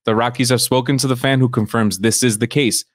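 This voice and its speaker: A man co-hosting a sports chat podcast, telling a story in a loose, conversational way at a middle pitch. The sound is dry and close to the mic, with no room around it. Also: steady tone, a little fast, no echo. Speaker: podcast co-host. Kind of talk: casual chat.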